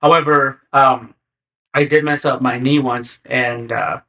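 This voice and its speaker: A man guesting on a podcast, telling stories in a relaxed, slangy way. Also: mid-range voice, unhurried, creaky. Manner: laid-back, slangy, acts out quotes in animated bursts. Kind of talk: casual chat, storytelling.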